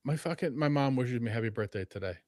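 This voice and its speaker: A man's voice: mid-range voice, lively intonation, fast talker, darkish tone, no room sound. A man in his mid-forties, co-hosting a podcast with laid-back, dry comebacks. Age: 40s. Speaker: podcast co-host. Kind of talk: casual podcast banter. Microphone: wearing headphones.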